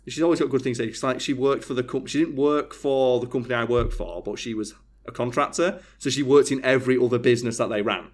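Speaking quickly with few pauses in a medium-pitched voice, a young man co-hosting a podcast tells a casual, animated work story. He performs the dialogue himself and doesn't hold back on swearing.

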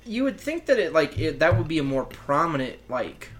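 A man co-hosting a comedy podcast, chatting casually and slipping into quick character impressions. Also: fairly high pitch, sing-song, a bit bright, slight background noise. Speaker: podcast co-host.

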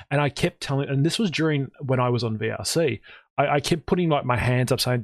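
A man hosting a casual chat show, telling stories in an animated way and jumping into high, excited voices when he quotes himself. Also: a little fast, dry recording. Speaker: podcast host and streamer.

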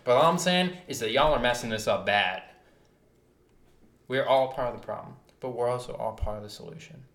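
A man holds forth on a casual podcast, his voice sitting at an ordinary middle pitch. He talks with fired-up, emphatic passion, pressing each point hard. The recording has a roomy echo around him. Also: brisk, fairly bright tone. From United States. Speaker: podcast co-host.

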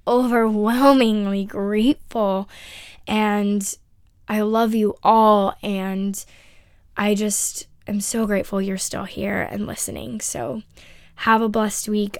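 A woman hosting a solo spiritual podcast, speaking unedited while under the weather, with a strained voice, ums and long pauses. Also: mid-range voice, no room sound, studio quality. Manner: reflective, rambling with ums and pauses. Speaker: podcast host.

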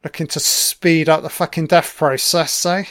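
A man's voice: fairly high pitch, steady tone, moderate pace, a bit bright. A man giving a casual running commentary on a film. He swears constantly and makes wry, offhand remarks.

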